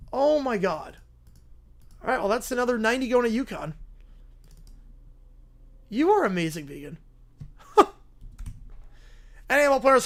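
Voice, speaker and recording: A man hosting a live stream who reads out stories and reacts with excitement and laughter. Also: very high voice. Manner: animated, laughing. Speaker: streamer host.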